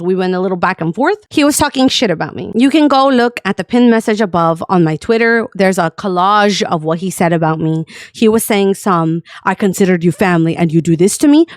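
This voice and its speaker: A woman's voice: medium pitch, expressive, fairly quick, hardly any pauses, no echo, studio quality. A woman streamer ranting to her chat, heated and profane, with sarcastic outbursts. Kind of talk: storytime rant to stream chat.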